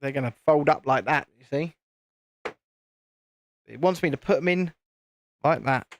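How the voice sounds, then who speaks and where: A man's voice: a little high, unhurried, a little hiss or hum. A British man casually chatting and rambling with jokes while hosting a live building stream. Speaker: livestream host.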